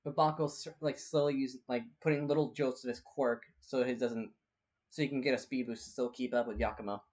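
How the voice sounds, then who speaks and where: A man's voice: medium pitch, fairly even intonation, fairly quick, a little mellow. A man casually co-narrating a fan story, chatty and restarting his phrases often.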